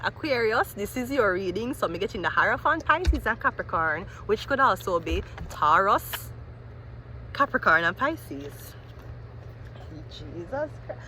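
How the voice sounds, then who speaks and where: Woman, tarot reader, bright edge, talks it through out loud. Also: mid-range voice, a little hiss or hum. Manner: animated, rambling, thinking aloud. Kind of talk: tarot reading monologue.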